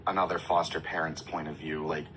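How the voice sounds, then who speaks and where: Male panelist, foster parent; fast, earnest, very deep and bright. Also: little pitch movement, slight background noise, poor audio. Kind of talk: casual panel discussion.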